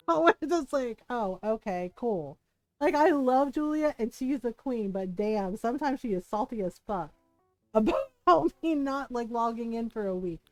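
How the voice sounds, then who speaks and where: Woman streamer: casual, animated and quick to laugh, with a slightly high voice. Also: no room sound, poor audio. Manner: animated, laughs often, swears freely. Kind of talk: casual gaming stream chat.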